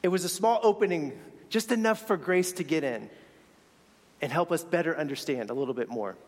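A man's voice: on the high side, fairly quick, big-room sound. A man telling a personal story in a sermon, earnest and reflective, sometimes restarting his words. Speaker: speaker sharing a faith story.

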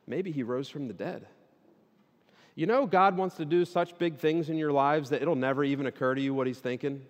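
A man preaching a sermon, casual at first and then animated, building to loud emphatic peaks. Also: fairly high pitch, fairly quick. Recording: long reverb of a hall.

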